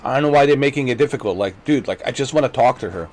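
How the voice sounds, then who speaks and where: A man's voice: medium pitch, rapid-fire, darkish tone, soft background music. A man streaming a video game, ranting in frustration, repeating himself, swearing and then apologizing to his viewers. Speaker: gaming streamer. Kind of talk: frustrated live gameplay commentary.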